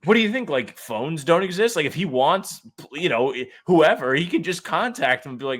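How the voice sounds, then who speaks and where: A young man co-hosting a sports podcast, talking in a relaxed, opinionated, rambling way. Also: a little high, brisk, few pauses. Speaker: podcast co-host. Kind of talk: casual podcast chat.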